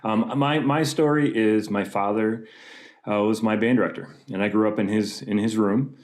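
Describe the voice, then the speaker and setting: A man's voice: on the low side, steady tone, moderate pace. A man from Wisconsin who teaches middle school band, speaking earnestly and humbly on a panel. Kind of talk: casual panel chat.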